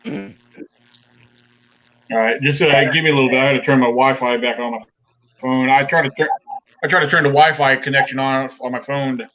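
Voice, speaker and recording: Halting man on dull lo-fi call audio. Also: medium pitch, steady tone, bright, forceful tone. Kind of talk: casual chat on a live call.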